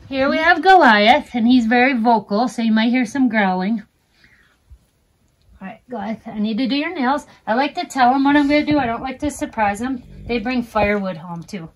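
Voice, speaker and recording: A woman host talking casually to viewers while trimming her dogs' nails, coaxing them with soft praise. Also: fairly high pitch, rough recording. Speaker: alpaca farmer and channel host. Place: indoors with the dogs on a farm.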